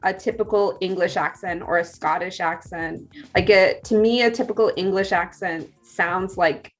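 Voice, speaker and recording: A woman's voice: on the low side, normal speed, soft background music. A woman from California with a Californian accent, chatting casually as a guest teacher, with many fillers and restarts. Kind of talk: casual conversation.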